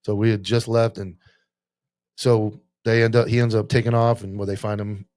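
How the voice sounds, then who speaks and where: A man's voice: lowish voice, little pitch movement, normal speed, darkish tone. A man hosting a casual interview, a police officer himself, who tells stories animatedly, swears freely and acts out both sides of a phone call. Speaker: podcast host, police officer.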